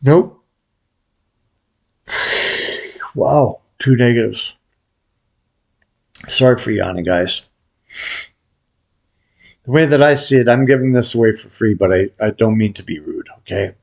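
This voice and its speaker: Low-voiced man calmly calling bets. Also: a little slow, gravelly, long pauses. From Vegas pro. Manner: relaxed, muttering bet calls to viewers. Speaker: baccarat video host. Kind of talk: casual play-by-play of bets.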